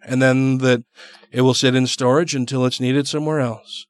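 A man's voice: medium pitch, fairly even intonation, normal speed, clean tone, no echo. A man hosting a casual podcast, reading a news story aloud and adding sarcastic asides. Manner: sarcastic, laughs often. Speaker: podcast host.

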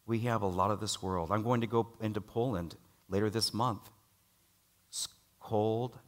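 A middle-aged man delivers a sermon built around a personal story, unhurried and with long pauses. His voice climbs loud when he voices dialogue and sinks low and quiet when he conveys worry.

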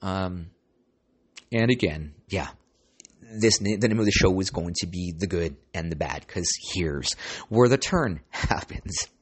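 A man in his forties talks through a solo podcast in a loose, rambling way. His voice sits low and a bit husky, and he drops casual swears and "dude" as he goes. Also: animated, measured pace. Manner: rambling storytelling, swears, calls listeners "dude". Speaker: podcast host.

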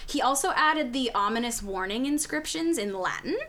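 A woman's voice: a little high, lively intonation, normal speed, a bit bright, a little hiss or hum. A woman hosting a podcast, recapping history in casual, chatty talk, swearing freely and laughing often. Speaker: podcast host.

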